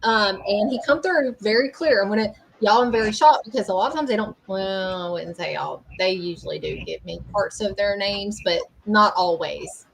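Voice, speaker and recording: A woman's voice: medium pitch, moderate pace, gravelly, few pauses, a little hiss or hum, rough recording. A woman hosting a live-streamed psychic reading, rambling and hesitant with many fillers. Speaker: psychic medium host. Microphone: streaming mic.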